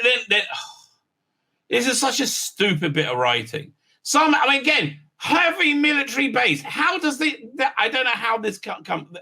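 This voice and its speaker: A man's voice: very high-pitched, gravelly, pushed and bright. A man giving an exasperated, sarcastic recap review, full of "uh" fillers. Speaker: YouTube reviewer. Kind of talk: ranting episode recap.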